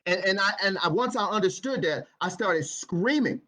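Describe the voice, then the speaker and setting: A man with a high voice, telling his own story as a motivational speaker. His tone is bright and forceful. He speaks earnestly and often doubles back on his words. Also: lively intonation, normal speed. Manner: earnest, repeats words and phrases. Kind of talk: personal storytelling talk.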